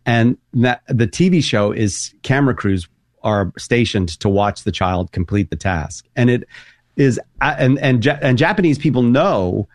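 A man's voice: mid-range voice, animated, a little slow, no echo, studio quality. A man co-hosting a talk show, reacting encouragingly and explaining a topic in casual chat. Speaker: co-host.

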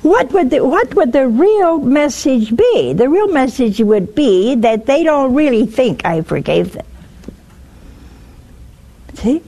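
A woman hosting a religious call-in show, teaching with lively storytelling and acted-out little dialogues. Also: sits high, takes it slowly. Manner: animated storytelling, acts out dialogues. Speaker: host.

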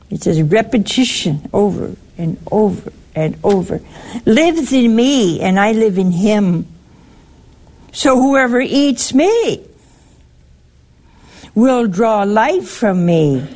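An older woman hosting a call-in religious talk show, answering a caller slowly and emphatically and quoting scripture. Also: fairly high pitch, lively intonation, darkish tone. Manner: slow, emphatic, quotes scripture.

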